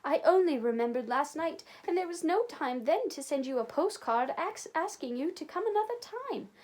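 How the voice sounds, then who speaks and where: Woman reading as a cheerful old uncle, loud, jolly, lively ups and downs, storybook. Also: high-pitched, moderate pace, pitched above the performer's own voice. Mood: cheery. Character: round, jolly bald old man.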